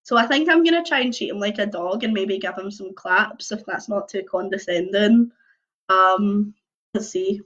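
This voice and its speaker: A young woman reading a choose-your-own-adventure book aloud on a livestream, mixing lively narration with casual chatty asides. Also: mid-range voice, normal speed. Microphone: computer or phone mic on a video stream. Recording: dull lo-fi livestream audio.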